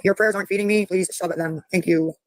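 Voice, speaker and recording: A livestreamer rattles off angry, profane replies to chat at a fast clip, asking viewers to send money. The voice sits in a middle range and sounds dry and close, with no room around it. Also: medium pitch, fairly even intonation, no room sound, poor audio. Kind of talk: live stream talk to chat.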